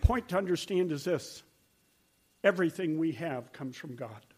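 A man's voice: on the high side, animated, moderate pace, slightly rough. An older man preaching a sermon, telling stories in an earnest, conversational way. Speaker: pastor.

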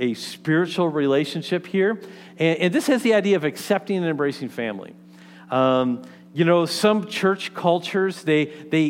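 A man's voice: on the high side, a little hiss or hum. A man preaching a sermon in a conversational way, often checking in with "okay?" and "right?" and restarting his sentences. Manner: frequent restarts and repeated words. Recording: long hall reverb.

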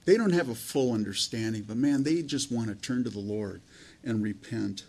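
A man's voice: mid-range voice, moderate pace, mellow, breathy edge. A man, a pastor, preaching a sermon in a conversational, rambling way full of restarts and fillers.

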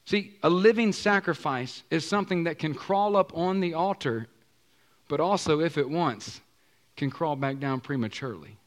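A man's voice: on the high side, normal speed. A male pastor preaching a sermon in a conversational way, often asking the congregation questions and using casual slang.

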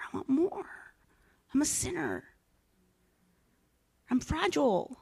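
An older woman preaches with raw feeling, repeating her phrases and sinking into hushed whispers before rising again. Her voice sits a little high. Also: big pitch swings, unhurried, gravelly, long pauses. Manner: earnest, repetitive, drops to whispers. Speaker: church speaker. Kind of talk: emotional sermon.

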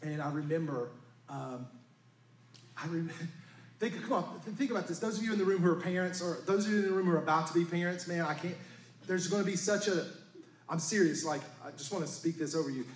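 A man's voice: on the high side, brisk, slight background noise. A man preaching a sermon in an earnest manner, at times rising to fervent appeals. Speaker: pastor. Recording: roomy hall with live music. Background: guitar playing.

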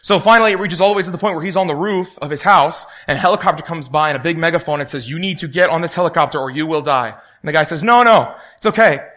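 A man's voice: fairly high pitch, very fast, few pauses, a bit bright. A young man preaching a sermon in a conversational way, telling stories and acting out the voices of the people in them. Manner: conversational, tells stories and acts out quoted voices.

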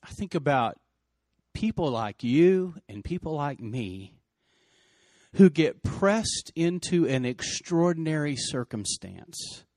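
A man's voice: on the high side, very animated, takes it slowly, a little mellow, no room sound, studio quality. Earnest man retelling a roadside crash. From West Texas. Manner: earnest, emotional retelling with many restarts. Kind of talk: personal storytelling.

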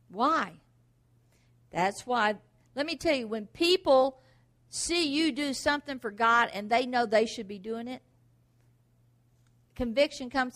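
Woman preacher, high and bright, emphatic, drives points home with rhetorical questions. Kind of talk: sermon.

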